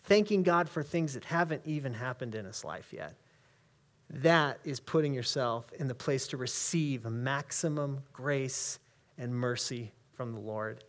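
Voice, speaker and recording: A male pastor with an American accent, preaching a conversational sermon in a church and reading scripture slowly with emphasis. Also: medium pitch. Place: church sanctuary.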